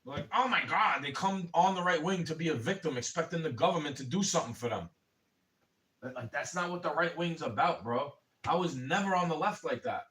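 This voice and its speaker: A man ranting on a livestream, rambling and swearing and calling the listener bro, getting louder in angry bursts. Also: a little high, animated, a little fast. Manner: rambling and profane, keeps saying "bro"; angry, rising to shouting in bursts. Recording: voice a bit far from the mic.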